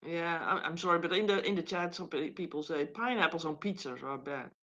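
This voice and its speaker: A woman's voice: lowish voice, fairly quick, a bit bright. A woman co-hosting a live online show, teasing and giggling at the host. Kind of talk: teasing live stream banter. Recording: muffled online call audio.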